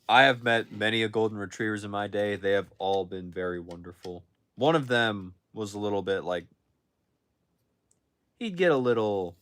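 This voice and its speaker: A man's voice: fairly low pitch, a bit bright. A young man chatting casually on a livestream from his phone, answering viewer questions with frequent restarts and self-corrections. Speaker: livestream host answering chat.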